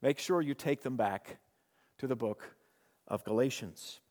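A man's voice: medium pitch, a little slow. Man preaching in a reverberant hall. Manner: dynamic preaching, swings from loud to hushed. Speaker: pastor. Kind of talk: sermon.

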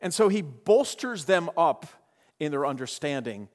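A man's voice: fairly high pitch, expressive, unhurried. Man preaching in a reverberant hall. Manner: dynamic preaching, swings from loud to hushed. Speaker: pastor. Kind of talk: sermon.

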